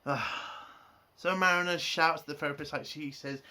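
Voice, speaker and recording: A man with a voice pitched a little above the usual runs through an episode review in a casual spoken way. He sounds exasperated, ranting and swearing freely as he goes. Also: little pitch movement, normal speed, sharp tone. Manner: exasperated, swears a lot, rants.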